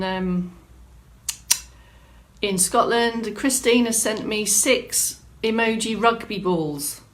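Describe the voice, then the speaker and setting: A female exercise instructor hosts a live-streamed movement class, reading through viewer comments and offering clear, encouraging prompts. Her voice is a little high and a bit bright.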